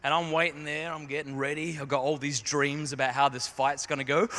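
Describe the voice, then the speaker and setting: A man's voice: fairly high pitch, level tone, brisk, sharp tone. A man telling a humorous, self-deprecating story as a speaker to a youth audience in a large conference hall. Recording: long hall reverb.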